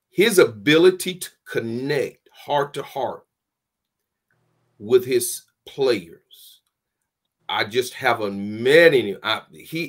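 A man, a former football player telling a lively story in an interview, with folksy phrasing and laughs. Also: medium pitch. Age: 60s.

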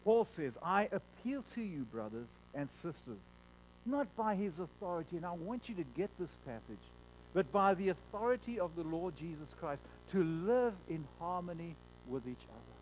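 A man preaching a sermon as pastor, earnest, stumbling over repeated words as he stresses a point, and dropping to a soft hush on solemn lines. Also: sits high, lively intonation, normal speed, slight background noise, poor audio.

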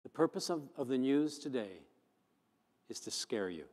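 A man, a pastor, preaching a sermon, moving from chatty storytelling to fervent, loud emphasis. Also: medium pitch, expressive, moderate pace. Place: church sanctuary. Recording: long church hall reverb.

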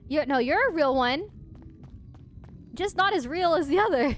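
A woman streamer whose voice sits fairly high and jumps around a lot as she teases and reacts. Her manner is giggly and playful, with faint background noise. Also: lively intonation, unhurried. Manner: giggly, teasing, exaggerated reactions. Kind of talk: comic role-play phone call.

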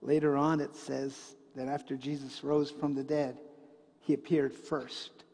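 A man preaching a sermon in a church, telling a story and swinging between loud passages and hushed ones. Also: medium pitch, flat delivery, a little slow, vocal fry, long reverb tail. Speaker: pastor. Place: church sanctuary.

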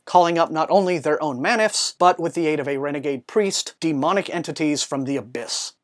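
A man presents a scripted book review as the host of his show. He talks in an articulate, measured way and slips in dry asides. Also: fairly high pitch.

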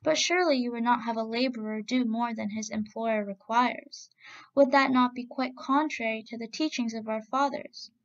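An old juggler who answers his masters earnestly and mutters complaints, as a woman reads him. The voice is a little high and gravelly. The recording sounds muffled and lo-fi. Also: fairly even intonation, normal speed, natural voice. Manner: earnest, grumbling. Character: old male juggler, humble but boastful. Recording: dull lo-fi recording.

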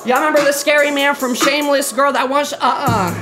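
Loud high-voiced woman streamer. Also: fast. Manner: loud, profane, excitable, laughing outbursts. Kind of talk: casual live-stream chat. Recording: music playing under the stream. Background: background music.

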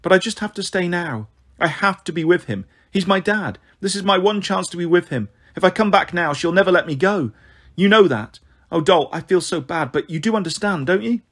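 A man's voice: high voice, animated, fairly quick, a bit bright, voice pushed up, full character voice. A man voicing an apologetic teenage girl explaining herself over the phone, in an audiobook reading. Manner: apologetic, earnest.

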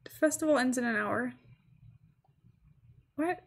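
A woman's voice: high voice, lively intonation, unhurried, breathy edge. A woman streaming a game live, chatting casually and giggling as she talks to her chat. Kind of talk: casual gaming livestream chat.

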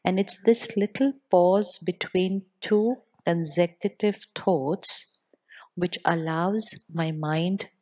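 A woman giving a spiritual talk to a live audience, speaking with deliberate pauses and putting questions to the listeners. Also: fairly low pitch, darkish tone.

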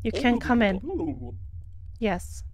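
A woman's voice: on the high side, steady tone, takes it slowly, background noise. A woman with a German accent, chatting casually while streaming a game, laughing and greeting followers. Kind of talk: casual live gameplay commentary.

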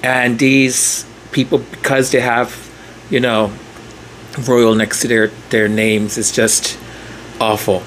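A man's voice: medium pitch, level tone, slow pace, a bit bright, a little hiss or hum. A man hosting a commentary vlog, talking casually and chattily, leaning on "like" and restarting his sentences. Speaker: commentary channel host.

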